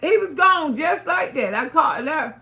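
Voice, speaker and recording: A woman's voice: sits high, animated, moderate pace, vocal fry, sharp tone. A middle-aged woman on a livestream from her home, telling a personal story in an emphatic, repetitive and profane way. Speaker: livestream host. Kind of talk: casual storytelling to a live audience.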